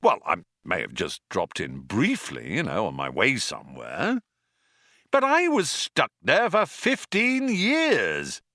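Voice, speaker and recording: Breezy evasive rogue, voiced by a man, casual drawl, bright tone, dry close sound. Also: rumbling low, huge pitch swings, normal speed, creaky, few pauses, no room sound, pitched below the performer's own voice, heavily acted. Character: breezy, evasive two-headed male rogue. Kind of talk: audiobook reading.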